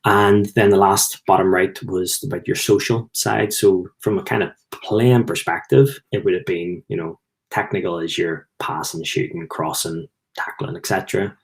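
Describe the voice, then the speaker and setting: A man's voice: low-pitched, fairly even intonation, moderate pace, vocal fry. A middle-aged man with a Belfast accent, telling rambling anecdotes in a casual talk to camera. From Belfast, Northern Ireland. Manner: rambling, anecdotal, chuckles at own stories. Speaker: host, former footballer.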